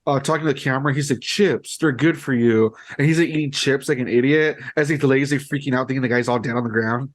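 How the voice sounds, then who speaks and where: A man's voice: mid-range voice, steady tone, racing, few pauses. A man co-hosting a podcast, retelling a show in a rambling, filler-heavy casual chat. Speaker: podcast co-host.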